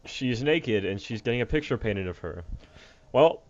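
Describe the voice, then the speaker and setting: A man's voice: lowish voice, expressive, brisk, dull audio. Jokey man narrating his gameplay. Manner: jokey, chatty, reads tasks aloud. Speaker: gaming youtuber. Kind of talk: casual let's-play commentary.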